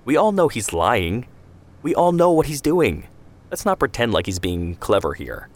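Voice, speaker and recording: A man voicing a sharp-tongued young sister who speaks bluntly and with scorn, read as part of a story. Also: mid-range voice, very animated, normal speed, voice pushed up. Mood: scornful. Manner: blunt, cutting.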